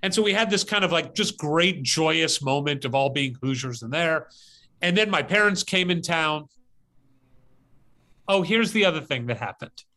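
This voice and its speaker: A man hosts a podcast from outdoors and tells a story in a lively, animated way. His voice sits a little high and sounds bright and forceful. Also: moderate pace. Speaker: podcast host. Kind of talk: casual storytelling. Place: outdoors as rain starts.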